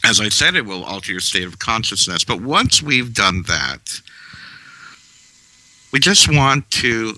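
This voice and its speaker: Deep low guy talking real slow about meditation, calm and measured, bright crisp tone. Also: no echo, poor audio. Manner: calm, measured, guiding with pauses. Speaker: spiritual teacher.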